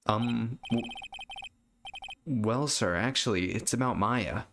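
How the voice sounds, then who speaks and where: A man's voice: mid-range voice, slow, long pauses, noisy background. A man reading a story game aloud in casual let's-play style, hesitant, with wry asides. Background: video game music.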